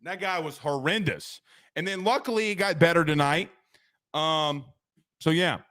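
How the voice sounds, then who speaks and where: On a postgame sports talk show, a high-voiced male host rants energetically and reads viewer chat comments aloud, keeping things loose and conversational. He speaks at a moderate pace, and the sound is dry and close to the mic.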